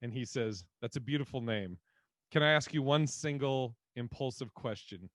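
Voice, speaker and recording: A man's voice: medium pitch, normal speed, fairly bright tone, no echo. A man co-hosting a podcast in casual chat, rambling and laughing, swearing freely. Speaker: podcast co-host.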